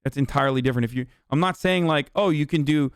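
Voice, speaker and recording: Heated, profane male streamer, smooth voice. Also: fairly high pitch, fast, no echo, studio quality. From Turkey. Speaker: livestream host. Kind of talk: casual livestream rant.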